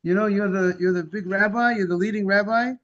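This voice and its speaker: Man, high-pitched, runs a Talmud class, animated explainer, lo-fi call audio. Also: fairly quick. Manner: animated explaining, translating Hebrew and Aramaic phrases. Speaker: rabbi teaching Talmud. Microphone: video call. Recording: dull lo-fi video call audio.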